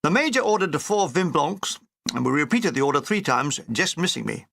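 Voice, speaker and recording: A man's voice: a little high, sing-song, normal speed, vocal fry, bright, forceful tone, no room sound. A man reading a wartime memoir aloud in a dry, wry comic manner. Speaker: narrator.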